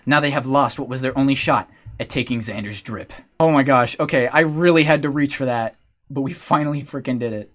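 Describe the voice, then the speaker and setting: Excitable male streamer. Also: medium pitch, fairly quick. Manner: excitable, talks to chat. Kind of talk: casual livestream chat.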